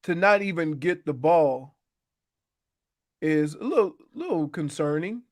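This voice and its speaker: A man's voice: fairly high pitch, animated, a little slow. A man co-hosting a sports radio show, making his points in a wry, explanatory way. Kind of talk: casual sports radio banter.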